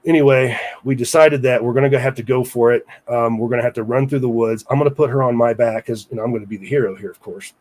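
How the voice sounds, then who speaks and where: A man's voice: medium pitch, fast talker, hardly any pauses, a little mellow. Guy telling a long story in an interview, talks loose and chatty, asides to listeners. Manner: rambling, with many restarts and asides to listeners. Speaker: guest storyteller.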